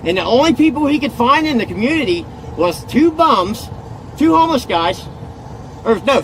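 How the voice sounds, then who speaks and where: Agitated man, high voice, rambling self-filmed rant with light background hiss. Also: very animated, moderate pace, a bit bright, rough recording. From Indiana. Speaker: arrested man ranting on video.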